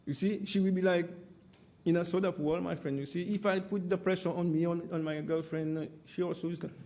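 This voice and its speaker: At an inquiry, a man testifies with emphatic passion in a high-pitched, darkish voice that's a little fast and fairly even in intonation. He's repetitive, often calling the panel "my friend."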